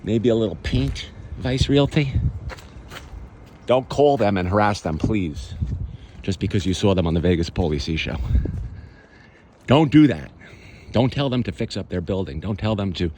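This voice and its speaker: A man with a fairly low voice walks the streets and talks to his handheld camera in a chatty, sarcastic way. Faint traffic noise runs behind him outdoors. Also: lively intonation, normal speed, a little mellow. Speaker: vlogger walking his neighborhood. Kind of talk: casual walking vlog.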